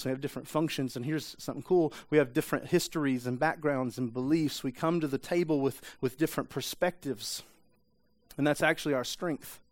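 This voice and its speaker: A man's voice: fairly high pitch, no room sound. A man preaching a sermon in a church, talking in a loose conversational way with frequent restarts and rhetorical questions. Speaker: pastor. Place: church sanctuary.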